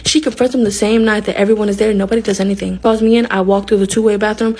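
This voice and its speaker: A woman telling a personal story in a casual, candid storytime, blunt and animated, sometimes swearing. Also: medium pitch, quick pace. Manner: animated, indignant retelling.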